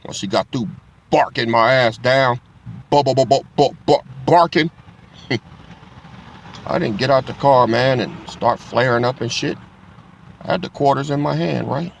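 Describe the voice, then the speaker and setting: A man's voice: medium pitch, moderate pace, vocal fry, pauses often, a little hiss or hum. A middle-aged man teaching from the Bible in a casual, profane storytelling style, laughing as he goes.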